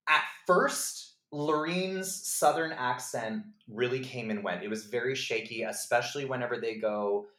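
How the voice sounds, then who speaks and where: A man's voice: medium pitch, measured pace, hardly any pauses, echoey room. A man co-hosting a podcast, talking casually about films, chatty with lots of "like" and "um". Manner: chatty, frequent "like" and "um", animated mock voices. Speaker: podcast co-host. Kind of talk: casual film discussion.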